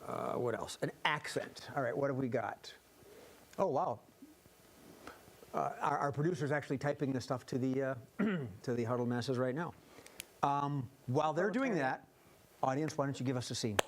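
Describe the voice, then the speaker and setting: A man's voice: mid-range voice, normal speed, a little hiss or hum. A man hosting an improv comedy show in a television studio, explaining the game and asking the audience for suggestions.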